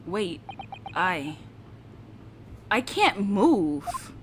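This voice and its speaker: A woman's voice: mid-range voice, sing-song, extremely slow, a little hiss or hum, voice pushed down. A woman voicing a dazed young male lawyer who wakes up confused and groggy.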